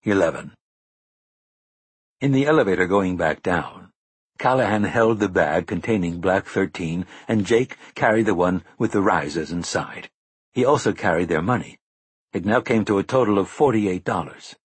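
Man narrating an audiobook, low husky voice, measured, dry close sound. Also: dry recording. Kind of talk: scripted narration.

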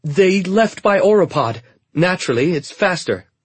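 A man voicing a quick-witted young handmaiden who lies boldly to armed men, in an audiobook. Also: sits high, expressive, breathy edge, no room sound, pitched above the performer's own voice. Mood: insistent.

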